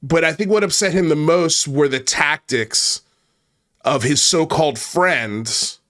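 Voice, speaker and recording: A man with a slightly high, fairly bright voice hosts an online commentary channel, talking a little slowly. His heated rant is angry and full of swearing, and when he gets worked up he repeats himself and restarts sentences.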